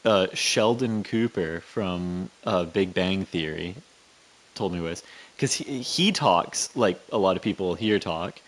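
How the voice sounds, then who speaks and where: A man with a North Carolina accent in casual chat, talking in a rambling, animated way full of fillers. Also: deep voice, takes it slowly. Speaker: co-host.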